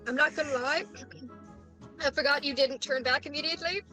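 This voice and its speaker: Quick, bright-voiced woman as bailiff. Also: high voice, fairly even intonation, soft background music, poor audio. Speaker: bailiff in a mock trial. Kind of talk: comedic courtroom role-play.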